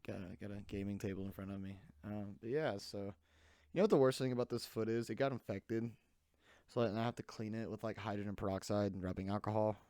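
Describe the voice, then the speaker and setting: A man's voice: lowish voice, fairly even intonation, a little fast, warm tone, no room sound, clean studio sound. A man hosting a casual solo podcast, rambling with many fillers and restarts. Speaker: podcast host.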